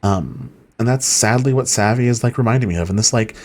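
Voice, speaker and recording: A man's voice: on the low side, fairly quick, a little mellow. A man giving let's play commentary, rambling and heartfelt with lots of fillers. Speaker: game streamer.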